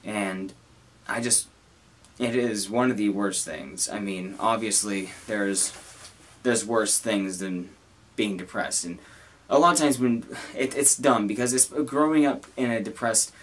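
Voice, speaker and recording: Husky young man talking earnestly. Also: fairly low pitch. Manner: halting, earnest, frequent restarts. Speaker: content creator. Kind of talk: personal talk to camera.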